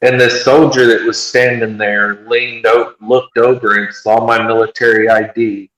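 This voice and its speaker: A man telling a story in casual chat, animated, and acting out what other people said. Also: mid-range voice, a little slow, highs cut off. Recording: echoey room.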